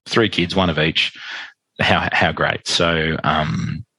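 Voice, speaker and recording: A man's voice: very deep voice, little pitch movement, takes it slowly, creaky, pushed and bright, husky, no room sound. A father who is a podcast guest, telling a personal story in a chatty way, re-enacting dialogue with lots of "like" fillers.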